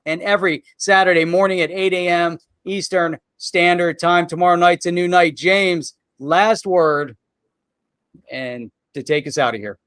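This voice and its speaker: A man's voice: high voice, a bit bright, clean tone, no echo, clean studio sound. A man hosting a live show in a loose, chatty way, often dropping "man" and "you know". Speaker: livestream show host. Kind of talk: casual chat.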